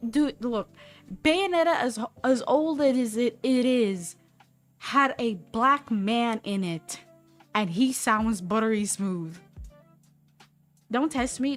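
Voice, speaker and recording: A young woman chatting on a livestream while she draws, rambling, swearing and laughing often. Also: on the high side. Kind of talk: casual chat while drawing.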